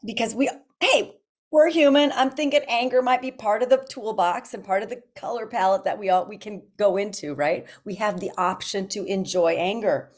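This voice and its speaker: A woman's voice: mid-range voice, moderate pace. A woman guest speaking in an earnest, encouraging way during a casual conversation. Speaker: guest coach.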